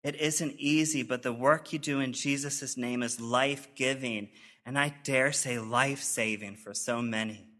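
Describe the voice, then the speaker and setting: A male pastor giving a sermon, reading letters of support aloud in an earnest, measured way. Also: mid-range voice, steady tone, a bit bright. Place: church sanctuary.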